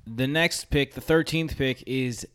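A man hosting a podcast mock draft, relaxed and joking, often trailing off. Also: medium pitch, unhurried, clear, resonant tone, dry recording, studio quality. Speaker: podcast host running the draft. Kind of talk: casual podcast chat.

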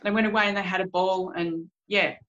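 A woman's voice: medium pitch, steady tone, a little fast, a bit bright, lo-fi sound. A woman in her forties hosting a casual podcast chat, speaking bluntly and emphatically as she tells a client story.

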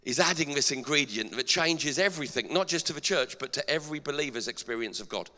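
A middle-aged man preaches a sermon, throwing rhetorical questions out to his congregation. His voice sits a little high and rings bright and forceful. The church hall around him lingers with a long reverb. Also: expressive, quick pace. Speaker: pastor.

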